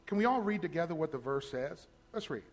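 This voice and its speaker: A male pastor preaching a sermon, acting out prayers and shouting in bursts. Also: fairly high pitch, quick pace. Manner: animated, shouting and acting out quotes.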